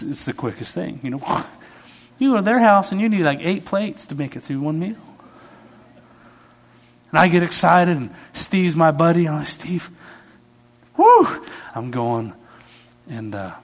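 A man preaching a sermon as a pastor, telling stories with sudden swings in pitch and loudness.

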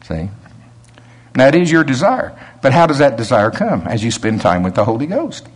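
A man preaching a sermon in a relaxed, conversational way, with a voice of ordinary middle pitch. He climbs to emphatic, higher peaks when he drives a point home, and he chuckles between points. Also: normal speed, slightly rough.

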